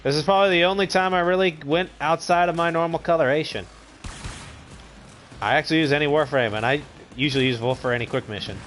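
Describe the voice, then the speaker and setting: A man's voice: a little high, fast talker, a bit bright. A man hosting a gaming channel, giving laid-back, rambling commentary while he plays and chats to viewers. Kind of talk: casual gameplay commentary.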